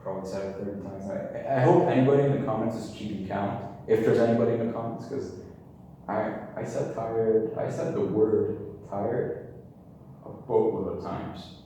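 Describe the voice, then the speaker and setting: Tired young guy mumbling through med stuff at a chalkboard, dark mellow voice, faint hiss, lots of room echo. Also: lowish voice, fairly even intonation, normal speed. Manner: rambling, joking to himself, trailing off mid-sentence. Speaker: medical student explaining concepts at a chalkboard. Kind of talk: casual thinking-aloud lecture. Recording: very echoey room, mic far off, faint hiss.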